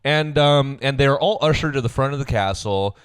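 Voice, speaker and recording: A laid-back man co-hosting a podcast. His voice is smooth and resonant, recorded close and dry. He chats easily and laughs often. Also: mid-range voice, normal speed, no room sound. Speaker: podcast co-host. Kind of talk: casual chat recapping a reality show.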